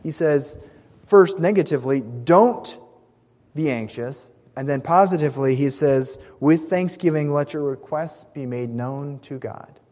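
Earnest preacher in a reverberant hall. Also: male voice, a little high, moderate pace, warm tone. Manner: earnest, emphatic, with small restarts. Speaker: pastor. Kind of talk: sermon.

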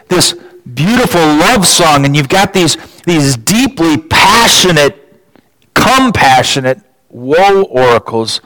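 A man preaching a sermon, building emphasis with sudden rises in pitch and repeating words as he restarts his phrases. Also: fairly bright tone, no room sound, low-quality recording.

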